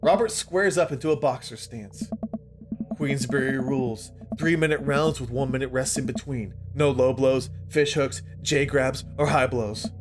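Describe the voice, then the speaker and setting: A man's voice: mid-range voice, normal speed, natural voice. A man voicing a brash, film-loving middle-aged dad who lectures in a blustery way, with music playing behind.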